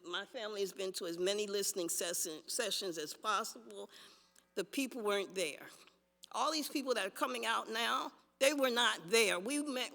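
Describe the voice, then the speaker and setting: A woman's voice: medium pitch, a bit bright. Impassioned older woman testifying in a hall. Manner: impassioned, repeats herself. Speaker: public commenter. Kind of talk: public testimony at a council hearing. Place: council chamber. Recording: long hall reverb.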